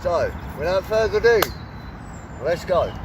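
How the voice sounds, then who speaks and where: Man, higher voice, chatty storytelling, heard from a distance, loud outdoor noise behind. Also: expressive, measured pace. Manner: chatty, self-correcting. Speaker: vlogger. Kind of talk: casual storytelling. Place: outdoors by a country road.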